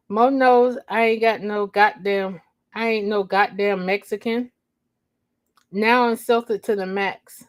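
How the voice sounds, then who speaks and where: A woman's voice: mid-range voice, steady tone. A woman reading her own story aloud on a livestream, stopping often to laugh and chat with viewers in slang. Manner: slow reading broken by laughing asides to chat; uses slang, says y'all. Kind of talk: casual live story reading.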